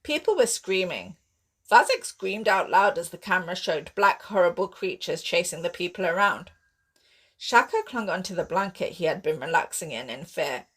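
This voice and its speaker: A woman author reading her own sci-fi horror novel aloud in steady, expressive audiobook narration. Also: fairly low pitch, normal speed, husky.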